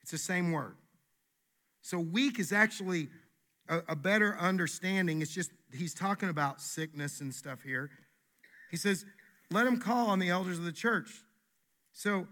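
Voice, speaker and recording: A man, a pastor, preaching a sermon in an animated, emphatic way, often restarting his words. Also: high-pitched.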